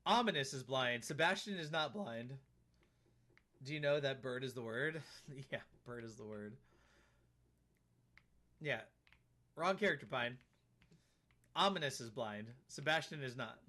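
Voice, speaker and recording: A man's voice: mid-range voice, lively intonation, unhurried, pauses often, sharp tone. A man streaming a game live, chatting casually and teasing an on-screen character.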